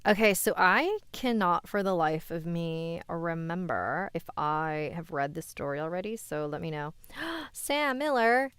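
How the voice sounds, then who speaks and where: A woman's voice: lowish voice, lively intonation, a little slow, few pauses, a bit bright, smooth, no room sound. A woman hosting a live stream, reading listener-submitted scary stories aloud with chatty asides.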